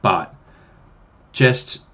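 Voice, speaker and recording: A man's voice: extremely slow, bright, forceful tone. A man who runs tabletop games, giving casual advice on a livestream in a rambling, self-deprecating way and swearing now and then. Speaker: game master and streamer.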